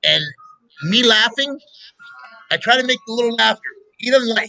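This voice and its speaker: A man hosting a show, chatting casually and telling animated stories with laughter. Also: very high-pitched, normal speed, creaky, pauses often, dry recording, poor audio. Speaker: show host. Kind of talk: casual chat.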